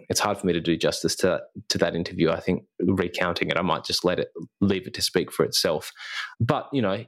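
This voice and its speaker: A young man chatting casually on a podcast, recounting a school visit with lots of restarts and acted-out snippets of dialogue. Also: sits low. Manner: rambling with frequent restarts and self-corrections; acts out remembered dialogue. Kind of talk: casual chat.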